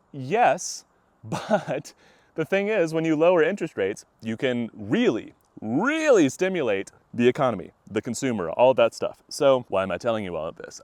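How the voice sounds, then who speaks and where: A man's voice: medium pitch, no echo. Breathless man vlogging on a walk. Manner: chatty, animated, laughs often mid-sentence. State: out of breath while walking. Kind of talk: walking-and-talking vlog commentary. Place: outdoors on a walk.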